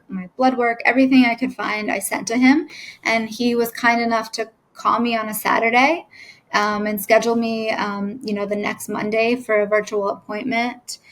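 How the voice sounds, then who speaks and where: Thirties woman, nurse turned patient, telling her story in a monotone, hesitant delivery, emotion close to the surface. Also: on the high side, rough recording. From United States. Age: 30s. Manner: halting, with many fillers and restarts. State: emotional at times. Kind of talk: personal story told to camera.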